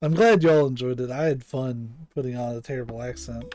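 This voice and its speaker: A man's voice: mid-range voice, fairly quick, warm tone. A man giving casual live commentary on a game, self-mocking and chatty. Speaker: gaming streamer.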